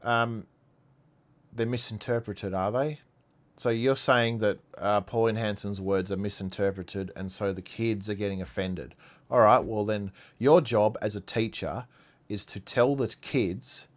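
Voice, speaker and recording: A man's voice: fairly low pitch, unhurried. A man from Iran ranting on a live stream, sarcastic and repetitive as he reacts to clips. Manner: ranting, sarcastic, repeats himself. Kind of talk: heated commentary on played clips.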